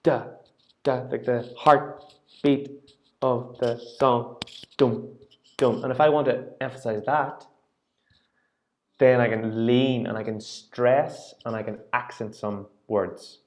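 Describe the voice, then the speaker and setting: A man's voice: mid-range voice, steady tone, takes it slowly, pauses often, darkish tone. A man teaching a singing lesson, patiently explaining rhythm and singing short phrases to demonstrate.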